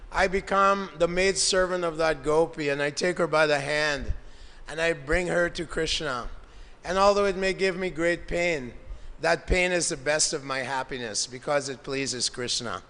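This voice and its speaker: A man's voice: on the high side, a bit bright. A man giving a devotional lecture, narrating scripture stories with quoted dialogue and Sanskrit terms, in a temple hall. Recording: long hall reverb.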